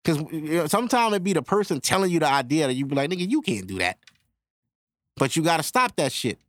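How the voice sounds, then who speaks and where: A man's voice: a little high, fairly bright tone, no room sound. A man, hosting a podcast in a loose, profane solo monologue. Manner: loose, profane, acts out quick back-and-forth voices. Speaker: podcast host. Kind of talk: casual monologue.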